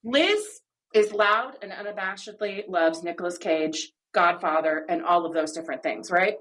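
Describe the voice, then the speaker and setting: A woman's voice: fairly low pitch, normal speed, fairly bright tone. A woman co-hosting a podcast, explaining ideas in an emphatic, playful way with many rhetorical questions. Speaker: podcast co-host.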